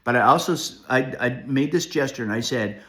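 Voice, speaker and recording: A man's voice: medium pitch, brisk, fairly bright tone. A middle-aged man at home giving a frustrated commentary as a parent, emphatic and often repeating "all right?".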